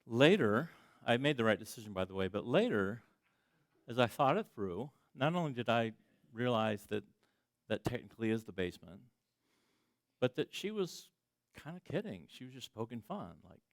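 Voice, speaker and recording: A middle-aged man giving a sermon as a pastor, talking in a conversational, self-deprecating way that swings between loud emphasis and quiet asides. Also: mid-range voice, big pitch swings, moderate pace, no room sound, clean studio sound. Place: church sanctuary.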